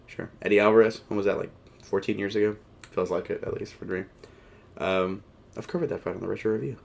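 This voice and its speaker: A man's voice: fairly low pitch, steady tone, quick pace, vocal fry, darkish tone. A man hosting a mixed martial arts show, talking in a rambling, casual way full of fillers and wry, self-mocking asides. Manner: wry, joking, laughs at himself. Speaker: MMA show host. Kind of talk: casual commentary.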